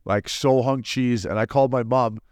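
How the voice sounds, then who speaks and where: A man in his forties, a former hockey player co-hosting a podcast, telling stories in a lively, casual way and acting out quotes. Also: medium pitch, clear, resonant tone, dry recording, clean studio sound. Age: 40s. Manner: fast, animated storyteller who acts out quotes. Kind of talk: casual storytelling chat.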